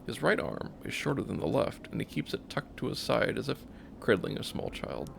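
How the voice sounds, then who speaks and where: A man narrating a game, reading its text aloud in a calm, steady way. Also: mid-range voice, normal speed, creaky, slight background noise. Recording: faint music behind.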